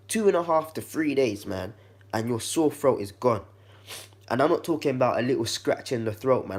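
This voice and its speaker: This man's voice is medium in pitch, a little mellow, and slightly croaky as if congested. He's a vlogger casually demonstrating a how-to in his kitchen, talking to viewers in a friendly way.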